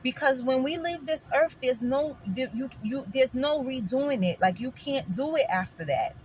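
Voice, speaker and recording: A woman's voice: high-pitched, animated, normal speed, slight background noise. A woman from New York with a New York accent, talking to her viewers in an opinionated casual chat, emphatic and repetitive, calling them guys. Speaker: vlogger.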